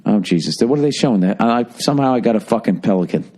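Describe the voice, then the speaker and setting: A man's voice: on the low side, lively intonation, fast talker, warm tone. A middle-aged man hosting a podcast, riffing in a profane, sarcastic, rambling monologue. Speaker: podcast host.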